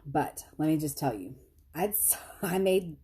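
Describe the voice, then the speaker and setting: A chatty woman talks straight to her viewers. She laughs at herself as she tells a story. Her voice is low, dark and a little husky. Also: expressive, unhurried. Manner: chatty, self-deprecating, laughs often, quotes others in high voices. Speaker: vlogger.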